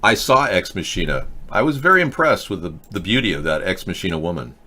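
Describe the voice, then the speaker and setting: A man's voice: sits low, sing-song, a little fast, pushed and bright. A man hosting a live video chat show, answering viewer comments in a blunt, lecturing, argumentative way on a webcam mic. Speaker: host.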